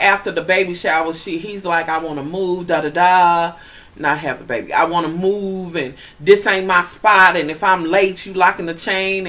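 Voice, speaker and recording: A woman vlogger giving a profane, gossipy casual recap, talking straight to her viewers and getting loud when she is riled up. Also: on the low side.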